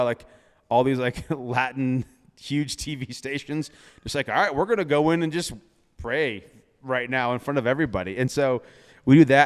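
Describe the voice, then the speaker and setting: A young man, a DJ, telling a story in casual chat, animated, laughing often and filling with lots of "like". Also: medium pitch, clean tone, long reverb tail. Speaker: DJ and podcast guest.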